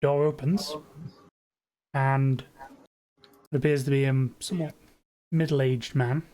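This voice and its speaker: A man narrating as game master for a tabletop game, relaxed with hesitant fillers. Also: medium pitch, slow pace.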